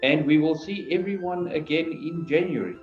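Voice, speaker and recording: A man in a relaxed, chatty tone closes out the night's tabletop game as game master. His voice sits in a roomy space and sounds a little dull and muffled. Soft background music plays under him. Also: on the high side, normal speed. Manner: laid-back, wrapping up with thanks. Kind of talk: casual chat wrapping up a tabletop game.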